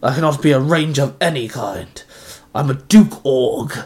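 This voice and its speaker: A man voicing a gruff male Duke Orc warrior who barks and growls his lines. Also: medium pitch, slow.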